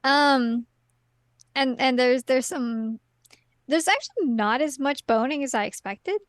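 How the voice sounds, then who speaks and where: A woman's voice: sits high, unhurried, no echo, clean studio sound. A woman chatting casually as a podcast guest, giggling and acting out her own reactions.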